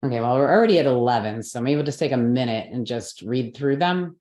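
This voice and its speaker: A woman teaching a live class, explaining step by step, checking that her students follow, and correcting her own slips out loud. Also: a bass voice, animated, fast talker, roomy sound. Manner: patient, step-by-step explaining with frequent checks for understanding.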